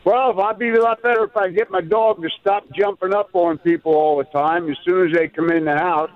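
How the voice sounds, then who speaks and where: A man's voice: high voice, steady tone, fairly quick. Hesitant male caller on a tinny phone line. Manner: hesitant, unsure. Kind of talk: phone-in question.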